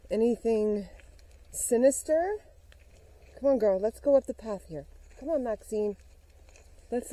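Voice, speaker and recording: Slightly breathless, she walks a forest trail and addresses her dog while hamming up a mock-serious spooky investigation for her vlog. Her voice sits on the high side and sounds mellow, captured in a dry, low-quality recording.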